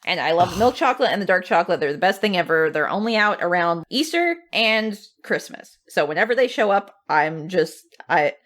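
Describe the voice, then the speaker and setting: Woman, podcast co-host, animated, exclamatory, laughs a lot, lower voice. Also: fairly quick, hardly any pauses. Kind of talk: casual podcast chat.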